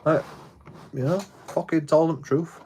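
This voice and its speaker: A man's voice: on the high side, steady tone, moderate pace, darkish tone, slight background noise. A man, telling a rambling, heavily sworn story in casual livestream chat. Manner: rambling, heavily profane storytelling with frequent restarts. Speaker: live streamer.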